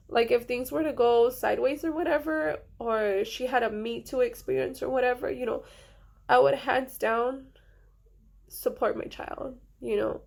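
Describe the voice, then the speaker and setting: A young woman speaks to her viewers in a fairly high voice, sharing a personal story. Her delivery is earnest and halting, full of pauses and fillers, with a quiet emotional weight. Her voice is gravelly with vocal fry, and her pitch stays flat and steady. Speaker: vlogger.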